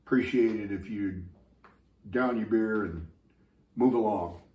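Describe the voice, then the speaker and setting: A man's voice: fairly low pitch, measured pace, darkish tone, echoey room, close to an everyday voice. A man doing a nervous saloon bartender. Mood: wary.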